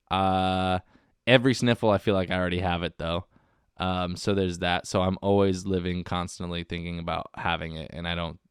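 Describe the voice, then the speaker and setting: A man's voice: low voice, a bit bright, clear, resonant tone, no echo, studio quality. A man hosting a casual solo comedy podcast, rambling and meandering, with lots of "dude" and "man.". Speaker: podcast host.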